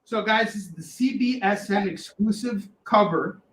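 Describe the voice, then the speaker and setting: An excitable man with a high voice co-hosts a live comic sales show, loudly hyping each deal and throwing out catchphrases. His voice rings in an echoey room with a faint noise underneath. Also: normal speed. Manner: excitable, loud, shouts catchphrases. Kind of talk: hyped live sales pitch.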